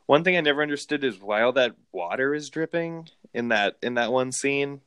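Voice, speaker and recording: A man casually discussing a movie, rambling and animated. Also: mid-range voice, brisk, clear, resonant tone, dry recording. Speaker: film podcast co-host.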